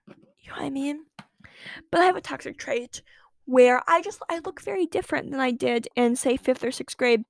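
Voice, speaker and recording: A teenage girl hosting her own podcast, telling a story in a chatty, animated way that jumps from loud lines to whispered asides. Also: on the high side, no echo, studio quality. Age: late teens. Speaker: podcast host. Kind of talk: casual storytelling monologue.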